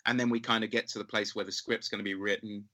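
A man's voice: fairly low pitch, flat delivery, fast, bright, forceful tone, low-quality recording. A man in his thirties with a London accent, a film director telling a long story in a casual, rambling interview. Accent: London English. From England. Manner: chatty, rambling, full of fillers and acted-out quotes.

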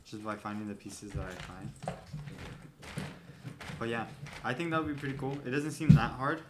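A Californian man chatting at home in a loose, joking way, dropping swear words and playfully repeating words. His pitch sits in the middle of the usual range. The recording carries clear background noise and clicks. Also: animated, normal speed. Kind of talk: casual chat.

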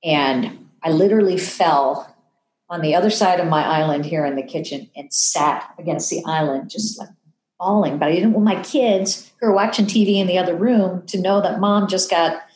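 A woman in her fifties, a television personality telling an emotional story in a podcast interview, animated and acting out the voices she quotes. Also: lowish voice, normal speed, roomy sound, poor audio. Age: 50s.

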